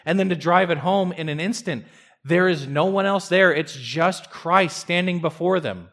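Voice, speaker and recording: A man preaching a sermon in an earnest way, pushing his voice up for emphasis, dropping it low, and sometimes stammering into a restart. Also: moderate pace, a bit bright. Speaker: pastor.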